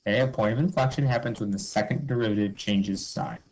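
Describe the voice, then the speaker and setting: A fast-talking man with a lowish, slightly mellow voice teaches a math review. He's upbeat and casual, breaking down each step, asking and answering himself, and saying "okay" and "cool" often. It's a rough recording.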